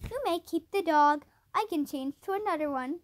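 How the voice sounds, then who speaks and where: A woman's voice: extremely high pitch, animated, moderate pace. A woman reading a cheerful young lady. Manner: warm and laughing.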